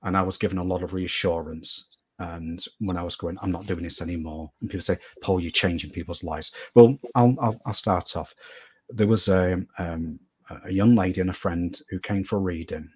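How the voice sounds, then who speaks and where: A man's voice: deep voice, fairly even intonation, moderate pace, darkish tone, slightly rough. A man being interviewed as a guest medium, telling a story earnestly and at length, often repeating phrases for emphasis.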